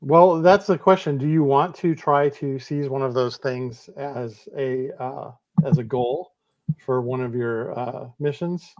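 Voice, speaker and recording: A man as game master explaining rules in a relaxed, hesitant way with many fillers. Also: mid-range voice, measured pace, highs cut off.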